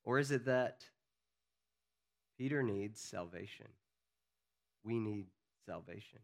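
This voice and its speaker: A man preaching a sermon as pastor, earnest, building to emphatic peaks and then dropping low and quiet. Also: slow pace, gravelly.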